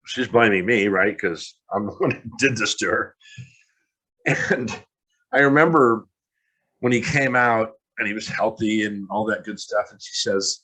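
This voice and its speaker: A man's voice: on the low side, sharp tone, slightly rough, poor audio. A man in his fifties giving an earnest, candid motivational talk with a self-deprecating touch. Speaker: motivational speaker.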